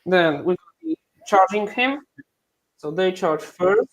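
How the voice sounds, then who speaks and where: A man's voice: sits high, animated, unhurried, rough recording. A man playing a tabletop wargame, mumbling to himself as he moves pieces.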